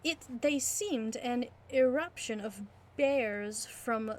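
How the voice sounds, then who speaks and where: High-voiced, slow, giggly woman reading. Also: slight background noise. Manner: giggly, stumbling over hard words. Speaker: amateur reader. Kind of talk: casual audiobook reading.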